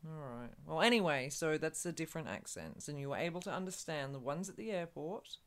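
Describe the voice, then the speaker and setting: A man with an Australian accent, co-hosting a casual chat show, playful and quick to argue. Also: on the high side. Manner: animated, playful, argumentative. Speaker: co-host.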